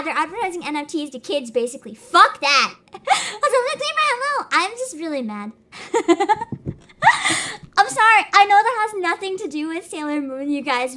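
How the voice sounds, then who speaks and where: A young woman streams live commentary in a very high, bright voice. Her pitch leaps around as she rants, swears and laughs. She greets her chat along the way. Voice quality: avatar anime streamer voice.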